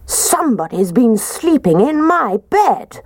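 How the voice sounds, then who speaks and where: A woman voicing a big father bear with a gruff voice in a storybook reading. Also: fairly high pitch, big pitch swings, slow, a little mellow, no room sound, clean studio sound, voice pushed up, heavily acted.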